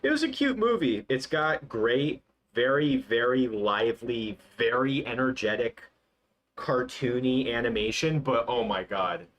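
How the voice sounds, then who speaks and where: A young man hosting a casual livestream, chatting in a rambling, excitable way with many fillers and restarts. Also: mid-range voice, measured pace, muffled recording. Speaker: livestream host.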